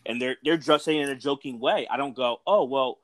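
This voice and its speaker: A man's voice: medium pitch, quick pace, fairly bright tone. A man explaining his view earnestly in a casual chat, walking through examples.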